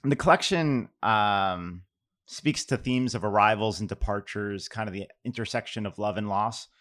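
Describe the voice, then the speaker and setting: A man's voice: lowish voice, moderate pace. A middle-aged man from New York, a poet telling a casual anecdote with fillers and restarts, then reading his poems aloud. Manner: relaxed, self-deprecating, many fillers and restarts.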